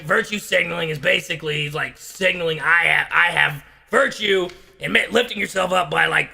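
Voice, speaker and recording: A bombastic talk-show ranter, as a man impersonates him speaks in a gravelly, raspy, high-set voice that erupts into shouting. He stumbles through fillers and then booms out his outrage. The tone is sharp and forceful. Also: full character voice. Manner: blustering, bursts into shouting, halting filler-heavy rant. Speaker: comedian doing a parody rant. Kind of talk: comedic impression rant.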